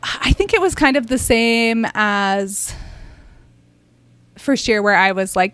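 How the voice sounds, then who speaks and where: A woman's voice: medium pitch, slow, fairly bright tone, clear, resonant tone, dry recording. A woman who works as a therapist, a podcast guest telling her story in a casual, chatty way with lots of fillers and restarts.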